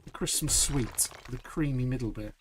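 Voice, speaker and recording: A man streaming a survival game live, chatty and upbeat, saying "boom" as he works. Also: normal speed, slight background noise. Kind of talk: live gameplay commentary.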